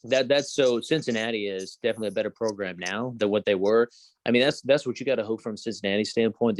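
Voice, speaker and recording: A man talks sports on a podcast in a low, rather deep voice. The sound is dry and close, with no room around it. He rambles, hedges and wanders into trivia asides. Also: no room sound. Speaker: podcast co-host. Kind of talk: casual sports chat.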